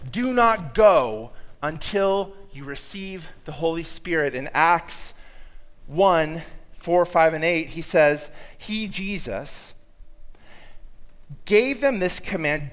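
Male pastor, sermon, high-pitched voice, clean and resonant, chatty self-deprecating delivery. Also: a bit bright. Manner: conversational, self-deprecating storytelling with quick asides. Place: church.

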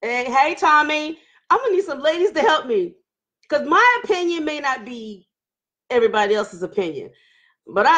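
A woman hosts a casual live-stream chat, calling out viewers by name and laughing between lines. Her voice sits a little high and stays animated throughout. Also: normal speed. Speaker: livestream host.

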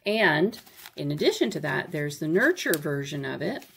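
A woman's voice: low voice, sing-song, moderate pace, gravelly, a bit bright, husky. A woman walking through a parenting workbook in a casual teaching manner, often checking in with "okay?" and correcting herself as she goes.

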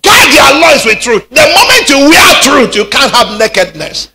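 A man preaching a sermon, rising into shouted peaks. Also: extremely high pitch, sing-song, normal speed, noisy background. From Nigeria. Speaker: pastor.

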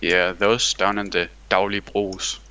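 A young man with a bright, forceful voice sits somewhere on the lower side of the pitch range. He talks in loose, rambling bursts, swearing and joking with a friend over a game. It is casual gaming chat, full of laughs and restarts. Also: flat delivery, unhurried, smooth, poor audio. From Denmark.

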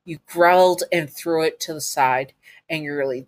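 A woman's voice: deep voice, a little slow. A woman narrating a second-person audio story to the listener, with casual asides.

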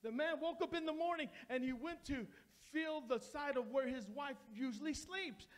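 A man's voice: very high voice, normal speed. A male pastor preaching a sermon in a church, speaking straight to the congregation in a repetitive preaching cadence. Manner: addresses the congregation directly. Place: church sanctuary.

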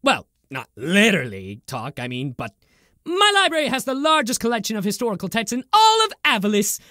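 A woman's voice: mid-range voice, wildly swooping pitch, brisk, bright, forceful tone, no echo, clean studio sound. A woman voicing a boastful, showy airship owner who talks in a grand, theatrical way, in a video game. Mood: helpful. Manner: theatrical, self-promoting, grand.

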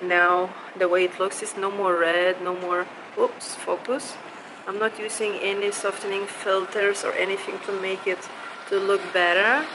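A woman skincare vlogger giving a casual, relaxed update to camera before bed. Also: mid-range voice, moderate pace, background noise.

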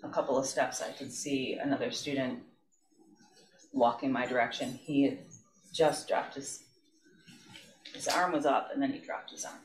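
Witness testifying in court, halting and stop-start, echoey room, mic far off with faint hiss. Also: medium pitch, steady tone. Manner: halting, restarts, trails off. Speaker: witness, school principal.

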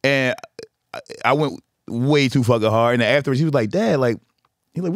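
A man's voice: medium pitch, normal speed, no room sound, clean studio sound. A middle-aged man hosting a casual comedy chat, telling stories with lots of laughter and acted-out quotes. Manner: animated storyteller, laughs often, acts out quotes. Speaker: podcast host.

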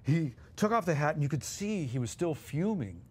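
A podcast guest co-host speaks at normal speed in a fairly high, slightly rough voice. His anecdotes are animated, punctuated by chuckles and acted-out voices.

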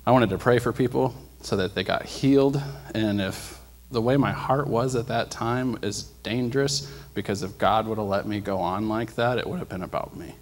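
Low-voiced man preaching in a reverberant hall. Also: normal speed. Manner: excited storytelling, acts out dialogue. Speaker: guest speaker sharing a testimony. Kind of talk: sermon testimony. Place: church sanctuary. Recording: long church hall reverb.

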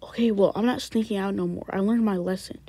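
A woman's voice: mid-range voice, steady tone, fast, dark tone, breathy edge. A woman voicing a defensive teenage boy who stammers and fumbles his words in a one-person family skit.

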